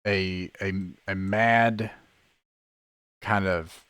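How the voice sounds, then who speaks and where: A man narrating a tabletop game as game master, describing scenes in a halting way full of fillers over an online call. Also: low-pitched, fairly even intonation, a bit bright, clear, resonant tone, dry recording, muffled recording. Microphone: online call microphone.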